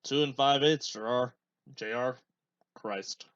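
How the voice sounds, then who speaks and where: A man hosting a podcast, making relaxed, offhand running remarks while he watches a match. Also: mid-range voice, slow, clear, resonant tone, no echo, dull audio. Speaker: podcast host. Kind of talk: casual live commentary while watching a match.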